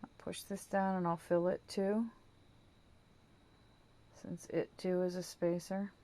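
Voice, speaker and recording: Casual craft tutorial host, woman, somewhat low voice, chatty and self-correcting. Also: flat delivery, slow pace, warm tone. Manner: playful baby talk to her dog. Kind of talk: casual how-to demonstration.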